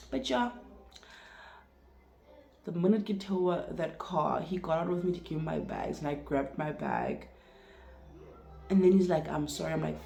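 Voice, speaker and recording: Lively South African woman telling a story. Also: fairly low pitch, normal speed, vocal fry, pauses often, echoey room. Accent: South African, Sesotho-speaking. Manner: animated, swears freely, acts out both sides of the story. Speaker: vlogger. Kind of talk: casual storytime monologue.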